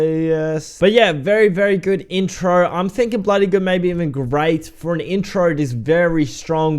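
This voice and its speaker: Casual man reviewing an album, clear voice. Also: a little high. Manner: relaxed, rambling, frequent ums. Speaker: music reviewer.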